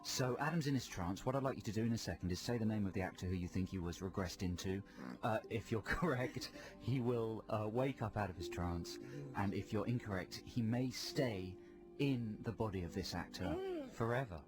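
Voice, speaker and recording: A male radio host presenting a comedy phone-in, talking calmly and playfully in a mock-hypnotist murmur. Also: lowish voice, fairly quick. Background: trance music.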